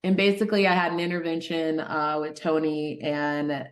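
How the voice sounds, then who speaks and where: A middle-aged woman physician from Detroit telling a personal story in an interview, animated, acting out the voices of people she quotes. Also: low voice, moderate pace. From Detroit, Michigan. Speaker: guest, physician.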